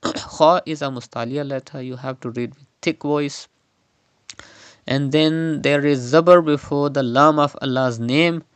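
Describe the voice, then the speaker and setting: A man teaching Quran recitation step by step, slowly modelling and repeating each word's pronunciation. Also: medium pitch, clear, resonant tone, dry recording.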